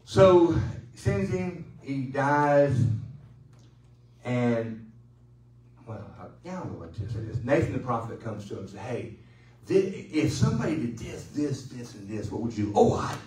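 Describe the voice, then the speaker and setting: A male pastor preaching a sermon in a loose, conversational way, joking and pausing for the congregation to answer. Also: medium pitch, very animated, darkish tone, roomy sound, distant mic, rough recording. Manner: conversational, joking, with call-and-response. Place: church sanctuary.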